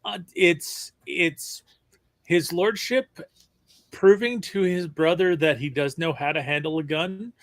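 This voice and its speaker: A man co-hosting a casual live stream, talking in a halting way with repeated words and small chuckles. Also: a little high, no echo. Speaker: stream co-host, writer.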